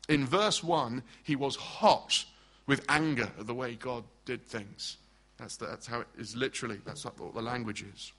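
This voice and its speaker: A man's voice: medium pitch, very animated, normal speed, bright, forceful tone. A middle-aged man preaching a sermon, acting out quoted speech and putting questions to the congregation.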